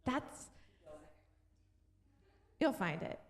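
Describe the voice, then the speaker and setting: A middle-aged woman pastor telling a story in a sermon, acting out the voices of the people in it. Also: drawn-out words. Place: church sanctuary. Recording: long church hall reverb.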